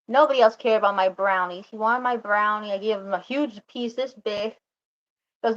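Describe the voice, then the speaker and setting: In a muffled recording, a woman with a mid-range voice vlogs in a casual, chatty way. Her story rambles, she keeps restarting, and she quotes what others said in fast asides.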